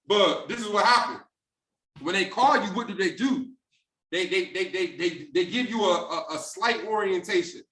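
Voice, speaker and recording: A high-pitched man with a bright, forceful voice gives a motivational sales training on a group call. He talks in street slang and breaks into acted-out conversations in different voices. He sits a little back from the mic in a roomy, echoing space. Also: moderate pace, recorded from a distance.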